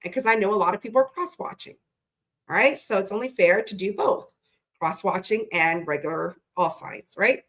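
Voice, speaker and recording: A woman's voice: mid-range voice, normal speed, fairly bright tone. A woman hosting a tarot livestream, greeting her chat viewers one by one in a chatty, playful way that swears freely, and she sounds tired.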